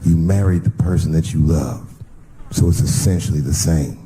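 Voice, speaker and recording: Man putting on a low, sincere engaged ex-tough guy, voice dropped well down, noisy live comedy room. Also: normal speed, mellow. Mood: earnest. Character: earnest grown man, former tough guy, newly engaged.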